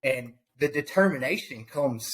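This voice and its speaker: A man's voice: mid-range voice, lively intonation, measured pace, a bit bright. A man guesting on a podcast, giving a fired-up, preachy motivational talk about faith, repeating phrases for emphasis.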